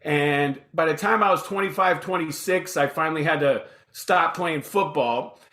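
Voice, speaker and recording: A man in his fifties, a podcast guest telling his story in a casual, animated way and acting out the dialogue. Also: on the high side, normal speed. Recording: roomy echoey room.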